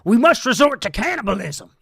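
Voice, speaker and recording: A man doing an impression of a paranoid male talk-radio conspiracy host, ranting in an impassioned, shouty way. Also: extremely high pitch, big pitch swings, brisk, no room sound, voice pushed up, exaggerated voice. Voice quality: gravelly. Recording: dry close room.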